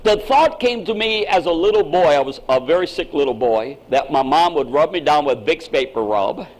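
A man preaching a sermon as pastor, emphatic, with sudden swings in pitch and loudness and frequent repeated words. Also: animated, normal speed, low-quality recording.

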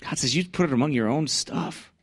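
A man preaching a fervent Baptist sermon, swinging from conversational asides into loud, high-pitched bursts of scripture. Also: fairly quick, gravelly, slightly rough, no room sound, studio quality.

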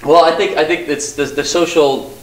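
A man's voice: fairly high pitch, steady tone, normal speed. Chatty young male college guest. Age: young adult. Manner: chatty, earnest then wry, laughs often. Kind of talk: casual interview chat. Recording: roomy echo, faint noise.

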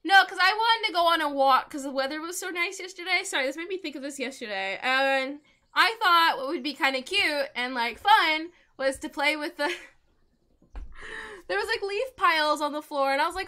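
A woman's voice: sits high, lively intonation, normal speed, bright, forceful tone. A young woman streaming a game, chatting to viewers in a giggly, rambling way and telling stories. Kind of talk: casual live-stream chat while gaming.

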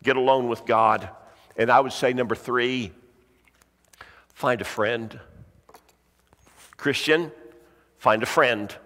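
A man's voice: medium pitch, slow, long pauses, a bit bright. Man preaching in an echoing church. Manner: earnest, repetitive exhortation with frequent throat clearing. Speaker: pastor. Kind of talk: sermon. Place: church sanctuary. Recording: long hall reverb.

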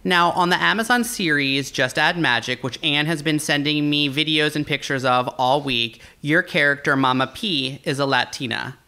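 A man's voice: a little high, normal speed, few pauses, sharp tone, clean tone. A man co-hosting a podcast, asking prepared questions in a casual interview. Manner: prepared, reads out research to guest. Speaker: podcast co-host.

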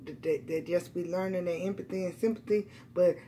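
A woman reading tarot cards for her viewers, blunt and profane, repeating lines for emphasis and swinging between loud outbursts and quiet, emotional asides. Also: fairly low pitch, steady tone, fairly quick, slight background noise. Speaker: tarot reader.

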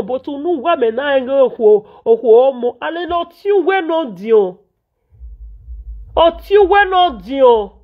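A Nigerian woman vlogger, venting in Pidgin English and scolding repetitively in an indignant tone. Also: high-pitched. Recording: dull lo-fi audio.

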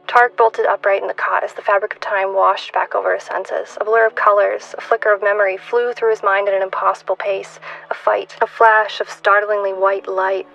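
A woman in her twenties reading her own fiction aloud in a measured, hushed way, at times dropping to a whisper. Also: mid-range voice, flat delivery, creaky, muffled recording, faint music behind. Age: 20s. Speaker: author.

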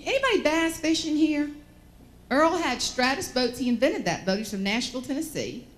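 A woman with a Southern American accent giving a humorous keynote, telling stories in an animated, folksy way. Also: sits high, moderate pace. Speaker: motivational speaker.

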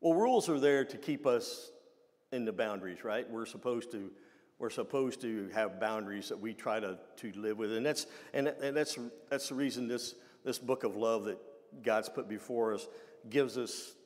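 A man's voice: on the low side, darkish tone. A man preaching a conversational sermon, with frequent restarts and asides to the congregation. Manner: conversational, halting with many restarts. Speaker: pastor. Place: church sanctuary. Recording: long reverb of a church hall.

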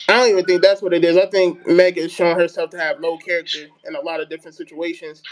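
A man in a live audio chat who argues back insistently with quick rebuttals. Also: high voice, level tone. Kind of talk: rapid argumentative back-and-forth.

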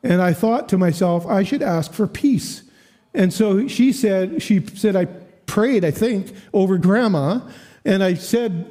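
Mellow-voiced man preaching a story sermon. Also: sits high, unhurried. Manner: animated, acts out quoted voices, laughs often. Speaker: guest preacher. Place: church.

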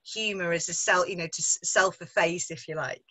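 An English woman with a Midlands accent, a writer chatting casually about her craft, self-deprecating and quick to laugh. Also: lowish voice, fairly even intonation, bright, forceful tone, low-quality recording. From England. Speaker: author in conversation. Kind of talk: casual literary discussion.

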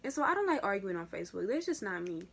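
A young woman vlogger telling a casual story to her viewers, slangy and animated, with big jumps in pitch and loudness. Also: fast, gravelly, slightly rough. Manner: addresses viewers as y'all. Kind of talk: casual story time vlog.

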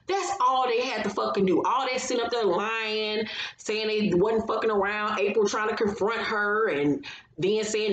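A woman's voice: medium pitch, moderate pace, reverberant, low-quality recording. A woman recapping a reality show in casual commentary, blunt and profane, getting heated as she gives her opinions.

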